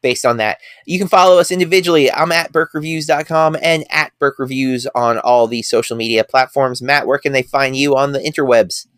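A man's voice: mid-range voice, fairly quick, few pauses, fairly bright tone, smooth, no echo. A man co-hosting a movie podcast, talking in a loose, rambling way full of restarts. His voice sits mid-range, and the close mic keeps it dry with no room sound. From United States. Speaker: podcast co-host. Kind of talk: casual podcast chat.

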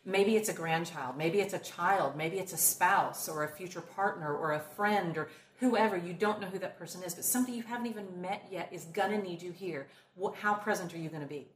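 A woman's voice: fairly low pitch, fairly quick, few pauses. A woman co-hosting a casual podcast chat as a coach, talking in an emphatic, motivational way. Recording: roomy with faint background noise.

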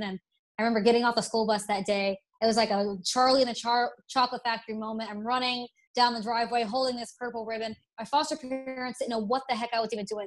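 A young woman from Alabama with a faint Southern accent, chatting candidly as an interview guest, self-deprecating and quick to restart her sentences. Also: on the high side. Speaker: interview guest, broadcast presenter. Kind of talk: casual interview.

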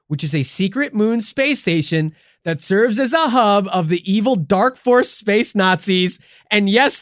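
A man's voice: sits high, dry recording, studio quality. A man hosting a casual podcast, telling stories in a joking, profane way. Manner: profane, joking, animated storytelling. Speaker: podcast host. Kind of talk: casual conspiracy podcast chat.

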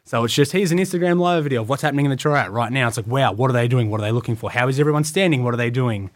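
A man's voice: mid-range voice, racing, no room sound, clean studio sound. A man with an Australian accent, telling his story as an interview guest in a rambling way, full of "like.". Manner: rambling, many "like" fillers. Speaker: guest, wrestling tryout athlete.

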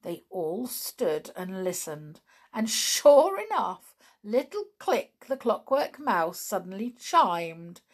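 A woman reads a children's bedtime story aloud, unhurried and gentle. Her pitch rises and falls a great deal, and every line is given expression. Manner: slow, gentle, expressive reading.

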